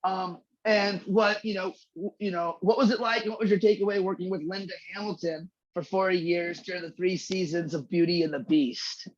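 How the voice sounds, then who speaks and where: A podcast co-host with a husky, slightly breathy voice spins a rambling story, swearing freely and restarting sentences as they go. The audio is a bit dull and lo-fi. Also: mid-range voice, moderate pace, few pauses. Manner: rambling, profane, animated anecdote-telling. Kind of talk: casual storytelling chat.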